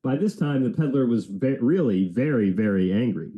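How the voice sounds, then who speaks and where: A man's voice: medium pitch, moderate pace, muffled recording. Playful man reading a picture book aloud. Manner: playful, animated storyteller. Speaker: teacher.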